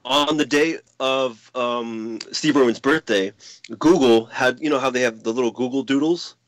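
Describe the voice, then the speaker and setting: Male co-host, middle pitch, dry close mic, loose profane rambler. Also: moderate pace, dry recording. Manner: rambling, filler-heavy, profane. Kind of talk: casual chat.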